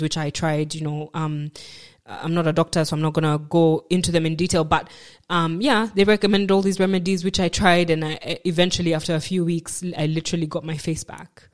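Her voice sits low and barely moves in pitch as this woman, a podcast guest, haltingly shares a personal story. She repeats herself and acts out what others said to her.

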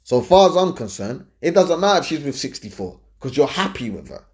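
A young man gives blunt, animated relationship advice in a casual, slangy way, repeating his points. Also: on the high side, a little fast. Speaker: advice-giving host.

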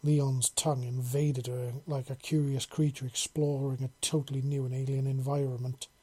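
A man narrating a fantasy story in a measured, unhurried way. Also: mid-range voice, flat delivery, mellow, breathy edge.

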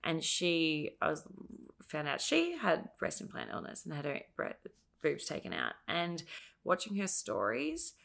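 A woman telling her story as a podcast guest, animated and swearing freely as she acts out what others said. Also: sits low, unhurried, vocal fry.

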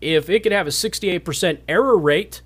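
Male talk radio host, studio mic, emphatic monologue, slightly high voice, leans on repeated words. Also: normal speed, a bit bright.

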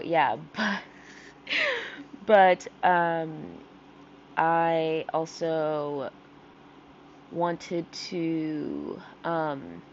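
A young woman hosts her podcast alone, her voice sitting a little low for a woman. She takes her time and drifts slowly from thought to thought, full of likes and ums, sounding self-conscious and unguarded. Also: muffled recording, slight background noise. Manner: rambling, filler-heavy, self-conscious. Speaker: podcast host. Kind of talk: casual confessional monologue.

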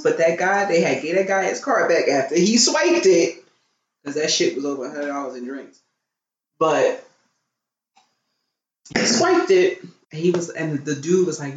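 A woman's voice: fairly low pitch, dull audio. Blunt, profane woman telling a story. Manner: blunt, profane, animated, acts out everyone she quotes. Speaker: storyteller on a chat show. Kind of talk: casual storytelling chat. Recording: roomy with faint noise.

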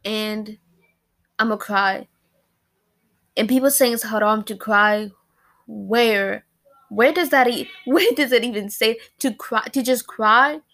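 A woman's voice: on the high side, takes it slowly, pauses often, a bit bright. A woman in her early twenties talking casually about a personal loss, rambling and emotional, with many fillers and restarts. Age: early 20s. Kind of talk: casual personal talk to camera.

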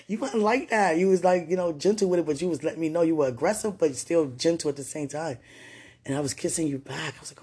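In a brisk, low, husky voice, a podcast host casually tells her partner about something that happened to her. The retelling is animated, full of acted-out quotes, and she speaks readily of God and the Holy Spirit.

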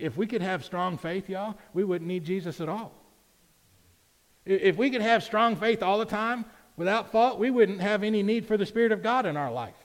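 Man, sermon, fairly high voice, echoing church hall. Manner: conversational preaching, rising to emphatic peaks. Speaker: preacher. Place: church sanctuary.

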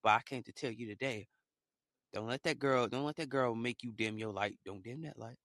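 A man's voice: mid-range voice, fairly even intonation, brisk, a bit bright, dry recording, clean studio sound. A man giving a preachy motivational monologue on a podcast, repeating his points in loose slangy talk. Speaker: podcast host.

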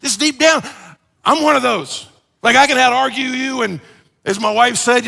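A man preaching a conversational sermon as pastor, animated and joking, acting out everyday complaints. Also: very high-pitched, moderate pace, gravelly, in a large hall.

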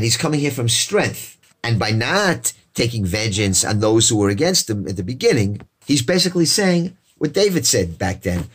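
Husky-voiced man teaching a Bible lesson. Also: medium pitch. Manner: reads Hebrew verses then explains them in English; lively, acts out quoted speakers.

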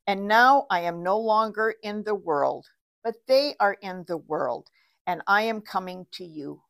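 A woman preacher reading scripture and giving a sermon in a slow, measured way. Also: mid-range voice, lively intonation, creaky, a bit bright.

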